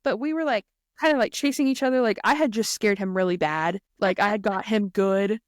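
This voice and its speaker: A woman co-hosting a casual chat podcast, talking excitably and filling her sentences with "like". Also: medium pitch, fairly quick, no room sound, studio quality. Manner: chatty, heavy use of "like", excitable. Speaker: podcast co-host.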